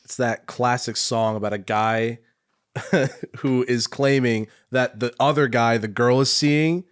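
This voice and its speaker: A man's voice: mid-range voice, fairly even intonation, slow. A man co-hosting a casual podcast chat, joking around, laughing a lot and swearing freely. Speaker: podcast co-host. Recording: clear background noise.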